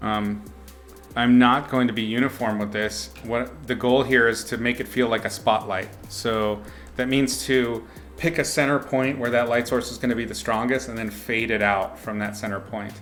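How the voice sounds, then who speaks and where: A young man casually talking through his painting on a live stream, relaxed and chatty, reading out viewers' names and laughing often. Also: mid-range voice, normal speed, faint music behind. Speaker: artist streaming a painting lesson.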